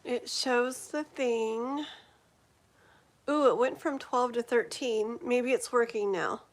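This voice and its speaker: A woman in her forties with a slightly high voice hosts a live tarot stream. She chats loosely and rambles, scattering fillers and giggles as she talks to her viewers. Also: slow. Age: 40s. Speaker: tarot reader hosting a livestream. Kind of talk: casual livestream chat.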